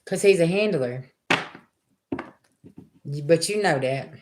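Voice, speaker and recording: A woman's voice: low voice, animated, slow pace, noisy background. Chatty woman storyteller on a livestream. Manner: chatty storyteller, talks back to chat, colloquial. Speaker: tarot reader livestream host. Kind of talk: casual livestream chat.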